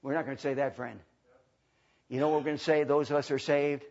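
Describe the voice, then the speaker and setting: A man preaching a fiery sermon, swinging from hushed tones to shouting, on a dull lo-fi recording. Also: a little high, fairly even intonation, fast.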